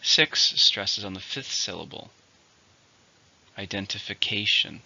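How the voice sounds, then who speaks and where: A man with a rather low voice and a very bright, sharp, expressive tone gives an English vocabulary lesson. He runs slow, deliberate word drills with example sentences, counting syllables, marking stress and saying each word carefully. The recording sounds slightly dull and lo-fi.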